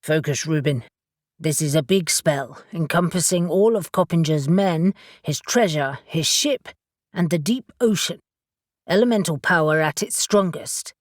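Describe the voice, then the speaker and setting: A calm male witch from an audiobook, speaking low and steady as he works through a problem, as a woman narrator puts him on. The voice sits deeper than her own, with a measured, explanatory manner. The recording is dry and close. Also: no room sound. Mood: focused. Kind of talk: audiobook character voice.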